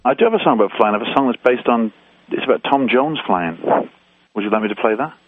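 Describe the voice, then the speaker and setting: Brief: man, relaxed rambling musician, phone-line sound, slightly husky. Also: medium pitch, fast, no room sound. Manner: easygoing, rambling. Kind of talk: casual phone chat.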